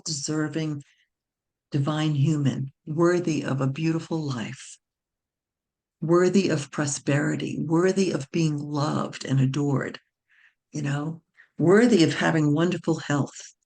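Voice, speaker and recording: A woman, a naturopathic doctor giving a motivational webinar talk, slow and emphatic, repeating key phrases like a mantra. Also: deep voice, dark tone.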